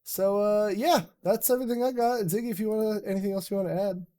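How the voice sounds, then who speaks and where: A man's voice: sits high, fairly even intonation, quick pace, mellow. A man hosting a live stream chat in a rambling, jokey way, swearing often. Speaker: streamer and podcast host. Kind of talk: casual chat.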